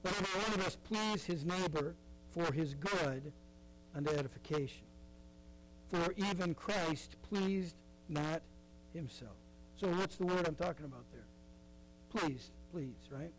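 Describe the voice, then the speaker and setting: A man's voice: on the high side, a little slow, long pauses, a little hiss or hum, rough recording. A middle-aged man preaching a sermon in a conversational way, with frequent asides and fillers. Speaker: pastor.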